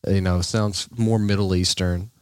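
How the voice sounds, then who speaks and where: A man's voice: low voice, a little slow, clean tone. A man casually telling a funny story among friends, laughing often and acting out the people in it. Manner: animated, laughs often, acts out voices in his story.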